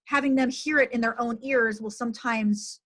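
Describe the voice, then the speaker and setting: A woman's voice: fairly high pitch, fairly even intonation, moderate pace, a bit bright. A middle-aged woman, a physician, hosting a conversational interview in an earnest tone with plenty of fillers. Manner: earnest, uses many fillers. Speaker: physician host.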